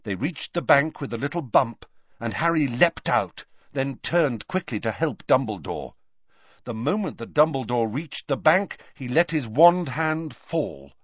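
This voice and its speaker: A man's voice: mid-range voice, expressive, unhurried, breathy edge, no room sound, lo-fi sound. A man reading a fantasy novel aloud as an audiobook narrator, with dramatic, swelling delivery. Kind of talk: scripted narration.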